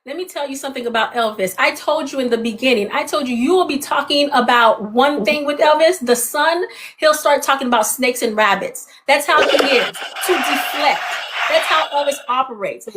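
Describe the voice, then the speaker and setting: A woman's voice: high-pitched, moderate pace, fairly bright tone, a little hiss or hum. A woman from Florida making emphatic, repetitive accusations as a guest on a live stream. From Florida, USA. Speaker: guest, ex-partner.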